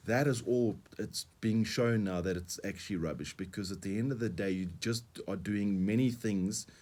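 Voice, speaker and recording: On a radio talk show, a middle-aged coaching guest with a South African accent explains his ideas earnestly at normal speed. His voice is lowish and darkish. He frequently repeats words along the way.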